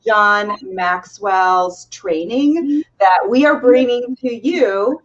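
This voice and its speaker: A woman's voice: mid-range voice, drawn-out words, muffled recording. A woman co-hosting a casual live show, chatty and bubbly, laughing often. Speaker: co-host.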